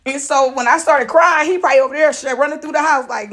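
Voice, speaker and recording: A woman telling a personal story to her viewers in a casual, animated way. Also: high-pitched, fast talker. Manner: animated, emotional, talks straight to viewers.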